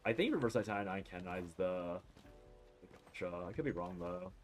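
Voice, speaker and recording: A man's voice: deep voice, expressive, fast talker, soft background music. A man streaming a game, chatting casually and rambling with jokes, swearing and frequent laughter while tired and yawning. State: sleepy, yawning. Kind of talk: casual live-stream commentary while playing.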